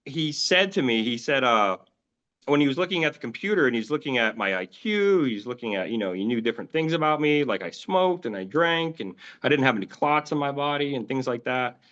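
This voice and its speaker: A man as an interview guest, recounting his own experiences in a rambling, halting way, full of fillers and restarts. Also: mid-range voice, animated, fairly bright tone. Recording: dull lo-fi audio.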